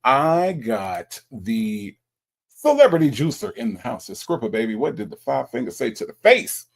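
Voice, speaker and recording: A man's voice: mid-range voice, big pitch swings, moderate pace, gravelly. A man hosting a livestream in a casual way, greeting viewers by name as he reads their chat messages aloud and teasing them playfully. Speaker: livestream host.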